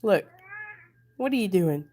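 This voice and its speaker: A woman's voice: mid-range voice, lively intonation, measured pace, mellow, a little hiss or hum. A woman from the United States, a vlogger speaking candidly and with emotion to her viewers in a confessional vlog.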